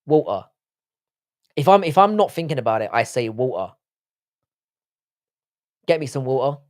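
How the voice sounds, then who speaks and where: Expressive and at a normal speed, his mid-range voice carries a London English accent. The man, from England, hosts a live stream where he casually banters with viewers, cursing and joking.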